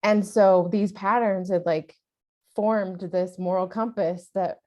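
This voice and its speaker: A middle-aged woman co-hosting a podcast, telling a family story in casual chat, animated and laughing, acting out quoted voices. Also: medium pitch, slow pace. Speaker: podcast co-host, mother.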